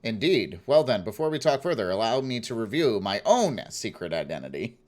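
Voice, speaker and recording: A man's voice: lowish voice, sing-song. A man doing a stately old school director. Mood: formal. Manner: formal, measured, old-fashioned speech. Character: stately older male school director, formal and apologetic. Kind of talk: reading game dialogue aloud with voices.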